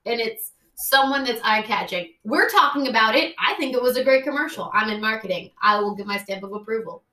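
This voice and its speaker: A woman's voice: on the high side, fairly quick, sharp tone, distant mic. A woman co-hosting a podcast in casual chat, who laughs easily and makes dry asides. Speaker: podcast co-host. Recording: roomy, off-mic sound.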